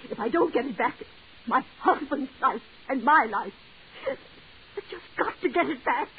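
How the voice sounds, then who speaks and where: An actress playing a jealous, desperate wife who pleads in a breathless, overwrought way, in 1940s radio acting style. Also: female voice, high voice, animated, measured pace, breathy edge, full character voice. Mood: pleading. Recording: tinny old radio broadcast with hiss.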